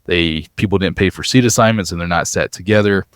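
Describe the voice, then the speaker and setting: A man co-hosting a podcast, telling a long travel story in an animated way and sounding worn out. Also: deep voice, fairly quick, clean tone, no room sound, clean studio sound. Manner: animated storyteller, acts out quoted voices. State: exhausted after a long travel day. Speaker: podcast co-host.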